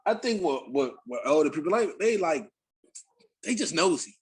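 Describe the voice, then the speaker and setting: A man's voice: on the high side, sing-song, normal speed, husky. A young adult man on a podcast, telling casual, profane stories with lots of fillers. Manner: loose, profane storytelling with many fillers. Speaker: podcast host. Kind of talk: casual chat.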